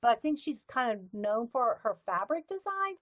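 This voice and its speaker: A woman's voice: a little high, very animated, normal speed, highs cut off. A woman, chatting casually on a live stream while sorting and showing her pens. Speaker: livestream host.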